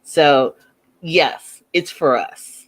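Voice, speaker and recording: A woman's voice: deep voice, extremely slow. Chatty woman recapping reality TV. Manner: chatty, animated, acts out the people she quotes. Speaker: show recap host.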